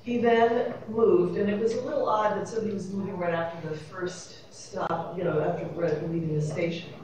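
Speaking briskly in a mellow, steady, fairly low voice, a woman from New York City spins a wry, rambling anecdote with laughter on a panel. Slight background noise is present. She's captured from far off in an echoey convention panel room, audience murmuring nearby.

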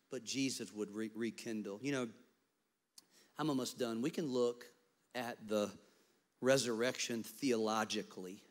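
A man preaching a sermon as pastor, animated in storytelling and dropping to soft, intimate tones. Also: medium pitch.

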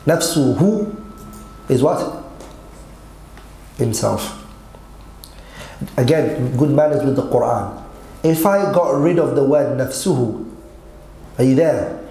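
A man's voice: medium pitch, slow, long pauses, mellow, roomy sound, a little hiss or hum, poor audio. A man teaching Arabic grammar in an online lesson, quizzing his students and mixing Arabic quotes with English.

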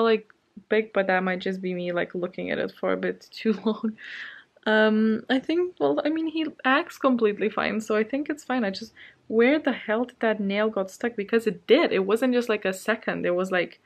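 A woman's voice: on the high side, creaky. Woman book vlogger, casual chat from bed at home; anxious and shaken, rambling delivery with fillers and nervous laughs.

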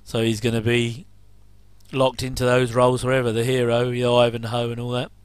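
Middle-aged man, casual watch-along commentator, smooth and close-miked. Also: mid-range voice, completely flat delivery, a little fast, no room sound. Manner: chatty, jokey asides with chuckles. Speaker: commentary host.

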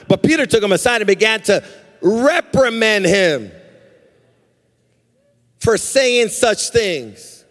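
High-voiced preaching man in echoing church. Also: very animated, slow pace, long pauses. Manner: sing-song preaching cadence, rising to shouts, acts out quotes. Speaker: pastor. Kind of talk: sermon. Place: church sanctuary. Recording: reverberant church hall.

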